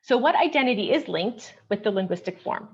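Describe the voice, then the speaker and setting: A woman's voice: mid-range voice, lively intonation, gravelly, darkish tone, lo-fi sound, a little hiss or hum. Woman giving an academic paper presentation. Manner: measured, explanatory, often starts sentences with "okay". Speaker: conference presenter, researcher.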